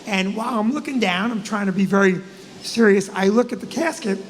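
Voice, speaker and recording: A man, a comedian and co-host, telling a funny story in an animated, profane way. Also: high voice, a little fast, big-room sound, a little hiss or hum. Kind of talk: comic storytelling.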